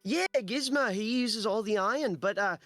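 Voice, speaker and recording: A man's voice: high-pitched, normal speed, no echo, soft background music, voice pushed up. Man putting on a brash fiery giant blacksmith. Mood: chatty. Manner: loud, brash with "oi" outbursts. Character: huge fiery rock blacksmith man, hearty and blunt.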